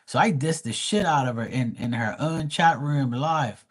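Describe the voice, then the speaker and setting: A tarot reader telling a story on his live stream in a blunt, profane, animated way. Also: mid-range voice, normal speed, few pauses.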